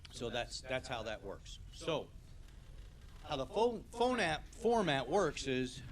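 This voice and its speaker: A man's voice: mid-range voice, big pitch swings, a little slow. A man teaching a sales training class in a casual lecture style, often checking in with "okay?".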